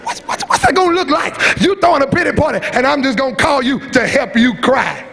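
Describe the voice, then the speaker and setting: A preacher with an unusually high, piercing voice and a rough, gravelly edge. He is a middle-aged man who preaches a folksy, fiery sermon, shouting out his points and then dropping into low, teasing asides. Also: very animated, fairly quick, slight background noise. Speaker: pastor. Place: church sanctuary.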